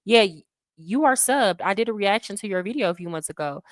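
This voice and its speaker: Lively slang-heavy American woman on a livestream. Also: fairly low pitch, normal speed, no echo, clean studio sound. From United States. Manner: animated, slangy, laughs often, talks straight to viewers as "y'all". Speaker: expat travel livestream host. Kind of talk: casual livestream chat, answering viewer comments. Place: Colombia, living abroad.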